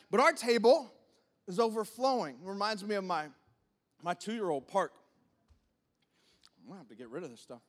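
High-voiced animated man preaching. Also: a little fast, long pauses. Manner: animated, acts out God and people in short quoted voices. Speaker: pastor. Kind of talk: sermon.

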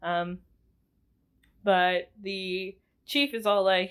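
A woman's voice: medium pitch, slow. A young woman casually recapping a film as a podcast host, chatty and giggly, rambling with lots of fillers. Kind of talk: casual chat.

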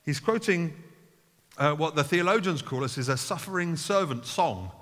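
A man's voice: a little high, expressive, normal speed, fairly bright tone, in a large hall. A man preaching a sermon to his church, earnest and building to emphatic calls. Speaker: pastor. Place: church hall.

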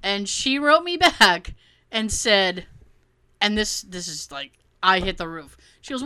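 A woman in her thirties hosting a casual chat, animated and profane, laughing often. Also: mid-range voice, unhurried, smooth. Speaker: podcast host.

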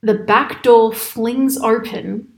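Woman, casual storyteller, lively quoted voices, slightly high pitch, roomy echo. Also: slow pace. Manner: animated, quotes people in raised voices, laughs often. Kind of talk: casual anecdote telling. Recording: echoey room.

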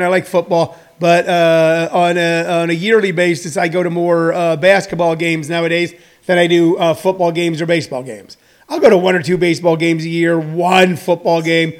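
A man in his sixties who runs a comedy school, talking in a rambling, joking monologue full of fillers. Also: high voice. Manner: meandering, joking, many fillers.

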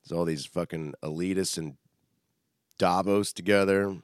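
A man's voice: low-pitched, moderate pace, smooth, no echo, clean studio sound. A young man casually chatting as a podcast co-host, rambling and swearing a lot. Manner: profane, rambling, animated. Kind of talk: casual chat.

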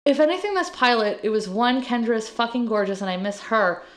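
A woman's voice: a little high, fairly quick. Woman, podcast co-host, casual chat, swears a lot, rambling jokes. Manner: profane, rambling and joking.

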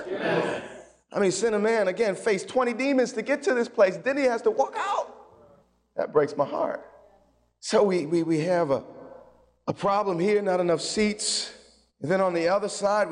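Male pastor, sermon, high voice, energetic and chatty, long hall reverb. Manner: energetic and conversational, with colloquial asides.

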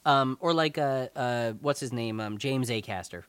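A man's voice: mid-range voice, moderate pace, a bit bright, smooth, no echo. A man in his thirties with a Pacific Northwest American accent, chatting casually as a podcast co-host and rambling with many fillers and restarts. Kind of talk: casual chat.

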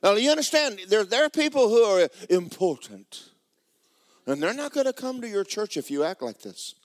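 Preacher, man, high and very animated, joking sermon with sudden shouts. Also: normal speed, no echo. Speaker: pastor.

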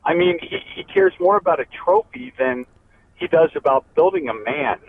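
A man's voice: high voice, sing-song, moderate pace, creaky. Passionate male caller on tinny phone. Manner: passionate, emphatic. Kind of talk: phone call-in. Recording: tinny phone line with faint noise.

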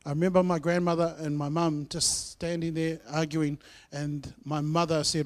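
A man sharing his personal testimony in church, telling his story earnestly, with swings between loud and soft. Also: a little high, level tone, normal speed. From New Zealand. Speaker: guest speaker sharing testimony.

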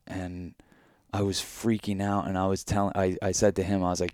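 A man co-hosting a podcast, telling a vivid dream in animated, casual chat full of fillers. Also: sits low, brisk, no echo. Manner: animated storytelling with many fillers. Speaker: podcast co-host.

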